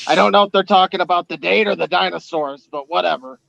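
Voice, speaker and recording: A man with a gravelly, slightly high voice tells crude jokes on a casual comedy podcast. The sound is dry and a little dull, like a cheap lo-fi mic. He swears freely and keeps the banter rolling. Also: fast talker, hardly any pauses, a bit bright, dry recording. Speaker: podcast co-host.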